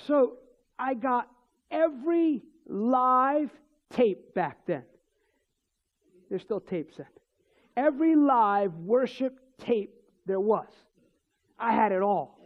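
High-voiced man telling a rambling testimony. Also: dull audio. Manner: rambling storytelling with restarts and chuckles. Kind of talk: personal testimony in conversation.

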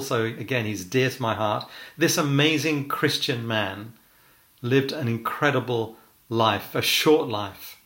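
A middle-aged man preaches a personal testimony in an earnest, measured way. His voice sits at an ordinary pitch, and he slows down to press home key phrases. The recording has a roomy echo. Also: a bit bright. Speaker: church leader. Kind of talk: testimony sermon.

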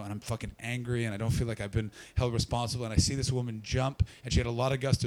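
A man doing a stand-up comedy set and chatting with the crowd, hoarse from losing his voice, loud and sweary, with sudden leaps into a shrieking high register.

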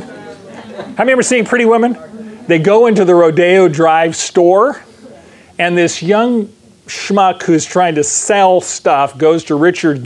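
A man preaching a sermon as pastor, mixing scripture reading with conversational, joking asides to the congregation. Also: high-pitched.

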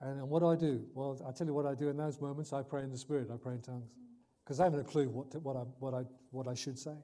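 A man preaching a sermon, reading scripture and explaining it, pressing his points hard and then dropping to a quiet close. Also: mid-range voice, fairly even intonation, quick pace. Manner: emphatic, swings between loud and soft; reads scripture aloud, corrects himself.

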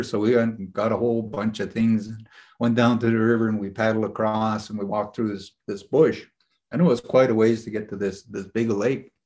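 A man with a somewhat low voice teaches a small group in a loose, conversational way. He rambles earnestly, stumbling over restarts and leaning on filler phrases as he shares stories. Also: darkish tone. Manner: rambling, earnest, frequent "you know" and restarts. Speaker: spiritual teacher leading a group session. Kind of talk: casual teaching talk with personal stories.

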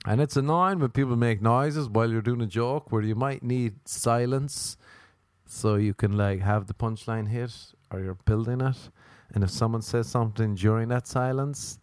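Comedian telling a profane story. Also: male voice, medium pitch, expressive, moderate pace, a little mellow, no room sound. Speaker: stand-up comedian and podcast host. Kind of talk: comedic podcast monologue.

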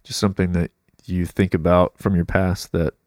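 A man's voice: deep voice, little pitch movement, normal speed, a little mellow, no echo, clean studio sound. A young man hosting a casual chat, with a congested, nasal voice, easygoing and asking long, meandering questions. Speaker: podcast host.

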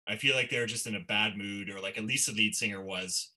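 A man co-hosting a podcast, telling stories in a lively casual chat. He swears often and laughs as he goes. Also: fairly low pitch, fast talker. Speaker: podcast co-host.

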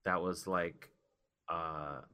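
A man, a comedian guest, telling rambling, wry stories in casual podcast chat with animated outbursts. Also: low-pitched, extremely slow, smooth, lo-fi sound.

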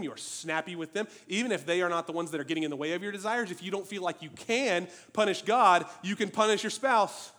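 A man preaching a sermon in an animated, emphatic way, asking many rhetorical questions. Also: a little high.

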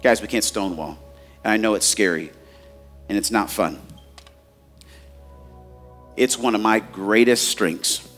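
A man's voice: fairly low pitch, a little slow, pauses often, a bit bright, faint music behind. A man in his forties preaching a sermon as a pastor, telling candid, self-mocking stories and addressing the crowd as guys.

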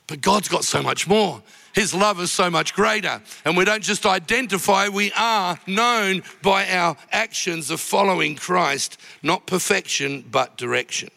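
A man's voice: high voice, creaky, pushed and bright. A man preaching a sermon as pastor, telling personal stories with emotional, impassioned delivery. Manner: emotional storytelling, rising to impassioned cries. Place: large church auditorium. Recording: long reverb of a large church hall.

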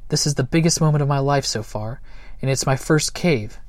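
A man's voice: mid-range voice, fairly quick, no echo, close to an everyday voice. A man reading a storybook aloud and voicing a small, timid but boastful male creature who talks in a proud, slightly pompous manner. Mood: solemn dreamy.

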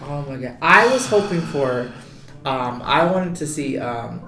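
A man's voice: mid-range voice, expressive, a little slow, sharp tone, a little hiss or hum. A man in a casual chat, enthusiastic and rambling, with fillers. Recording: roomy echo.

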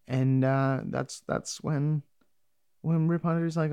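A man's voice: a little high, fairly even intonation, takes it slowly, mellow, smooth, no room sound, studio quality. A man casually recapping a TV episode, rambling and profane, with sarcastic asides.

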